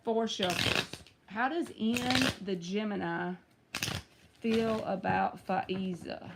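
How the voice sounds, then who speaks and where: A woman's voice: mid-range voice, slow pace, gravelly, heavy background noise. A woman running a casual live-stream tarot reading, chatty and teasing as she talks to viewers by name.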